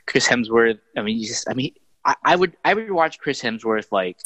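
A young man chatting casually about movies, animated and excitable with plenty of filler words. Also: mid-range voice, moderate pace, no echo, poor audio. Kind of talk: casual chat.

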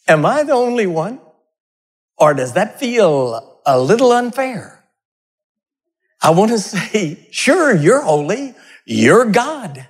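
A male preacher with a fairly high voice delivers a sermon. He talks in a loose, conversational way and keeps the congregation laughing with humorous stories. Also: very animated, slow, long pauses, husky.

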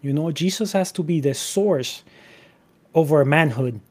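A man's voice: on the high side, a little slow, darkish tone. A man in casual Christian discussion, reading Bible verses aloud and talking conversationally with lots of "you know" and restarts.

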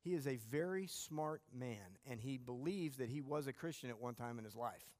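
A man's voice: mid-range voice, expressive, moderate pace, a little mellow. A man teaching a church class, telling anecdotes in a self-deprecating, conversational way. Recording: long hall reverb.

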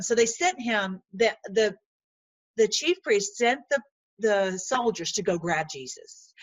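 Animated woman teaching scripture. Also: mid-range voice, no room sound. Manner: earnest and animated, laughs often, repeats words. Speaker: Bible teacher. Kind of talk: informal Bible teaching and prayer.

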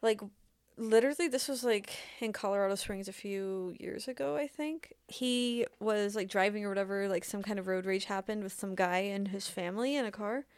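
A soft-spoken, quiet woman chatting casually with a friend. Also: medium pitch, normal speed, smooth, dry recording, clean studio sound. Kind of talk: casual chat.

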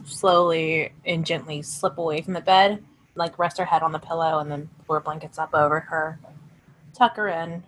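A woman playing a tabletop game, gently and hesitantly describing her character's actions, with frequent restarts. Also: lowish voice, a little hiss or hum. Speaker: player.

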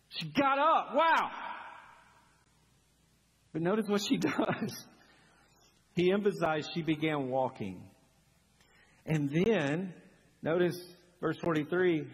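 Male pastor, husky tenor, animated conversational sermon, church hall reverb. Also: a little high. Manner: animated, conversational preaching with rhetorical questions. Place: church sanctuary.

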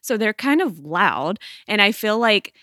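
A woman co-hosting a chat podcast, chatty and quick to agree and laugh. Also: mid-range voice, big pitch swings, bright, forceful tone, dry recording, studio quality. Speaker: podcast co-host. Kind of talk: casual chat.

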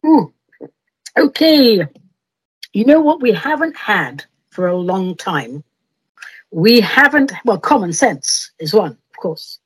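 A woman's voice: mid-range voice, sing-song, slow, long pauses, slightly rough, no echo, poor audio. A woman hosting her own podcast, talking in a whimsical, self-mocking way and reading silly rhyming verse. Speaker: podcast host. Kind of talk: playful podcast monologue and comic verse reading.

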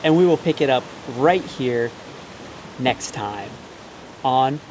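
A man narrating a tabletop game as game master, slowly and descriptively. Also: medium pitch, animated, darkish tone, a little hiss or hum, poor audio. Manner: slow, descriptive storytelling.

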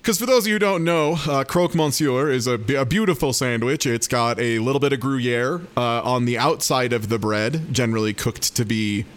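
A man's voice: mid-range voice, brisk, few pauses. A man co-hosting a casual podcast, explaining things eagerly and at length. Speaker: podcast co-host. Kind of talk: casual chat.

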